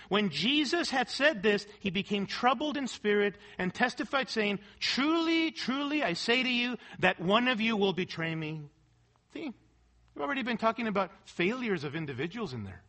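A man's voice: high voice, pushed and bright. A male pastor preaching a sermon, asking the congregation for amens and posing rhetorical questions as he reads scripture. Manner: preaching with call-and-response "amen" and rhetorical questions; reads scripture and quotes aloud, sometimes half-singing a hymn.

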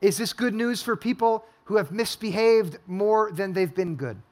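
A man's voice: high voice, normal speed, a little mellow. A male pastor preaching a sermon, telling stories and asking a string of rhetorical questions to a congregation in a church hall. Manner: storytelling, asks repeated rhetorical questions.

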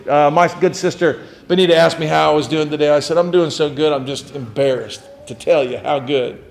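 A man preaching a sermon as pastor, animated, swinging from soft asides to loud emphatic scripture reading. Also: fairly high pitch. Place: church sanctuary.

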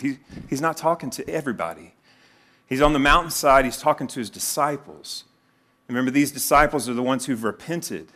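Animated man preaching a sermon. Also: a little fast. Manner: animated preaching, acts out quoted voices with sudden pitch jumps. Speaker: pastor.

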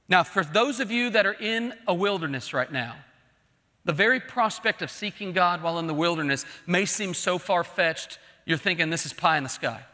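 High, bright-voiced man preaching in a hall. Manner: earnest, emphatic preaching that swells into pleading. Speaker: pastor. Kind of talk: sermon. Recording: long reverb of a large hall.

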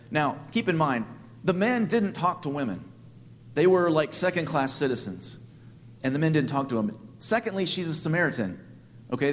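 A man's voice: on the high side, big-room sound. A man preaching a sermon as a pastor, telling stories in a conversational way with humorous asides.

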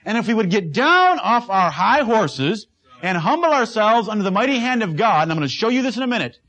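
Pastor, male, high voice; emphatic sermon delivery with a repeated refrain and questions put to the congregation. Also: big pitch swings, fairly quick, a bit bright.

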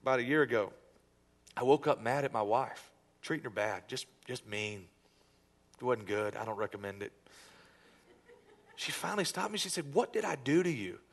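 A man's voice: medium pitch, lively intonation, normal speed, pauses often. A male pastor preaching a sermon in a conversational way, with jokes and acted-out asides to the congregation. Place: church sanctuary with congregation.

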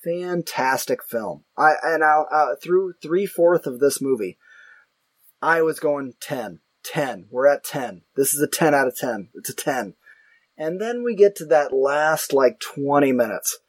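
A man chatting casually about movies as a podcast co-host, rambling and self-mocking with animated asides. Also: a little high, a little slow, no echo.

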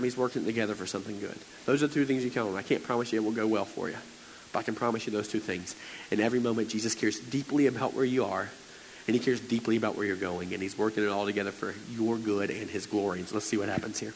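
A man preaching a sermon, moving between quiet scripture reading and loud, emphatic exhortation. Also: fairly low pitch, quick pace, slightly rough. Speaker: pastor. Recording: long hall reverb with faint hiss.

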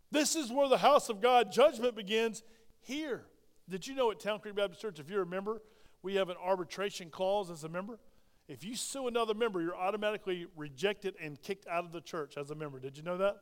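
Southern pastor preaching with emphatic call-and-response. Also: male voice, high-pitched, a little fast, long reverb tail. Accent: Southern American. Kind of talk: sermon. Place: church sanctuary.

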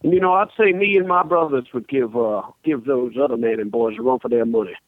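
Man putting on a pompous Southern gentleman over the phone. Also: mid-range voice, a little fast, no echo, close to an everyday voice. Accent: Southern US, Mississippi. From Mississippi. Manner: formal, flowery, grandiose. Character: pompous genteel Southern man, football star's cousin. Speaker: caller. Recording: phone line.

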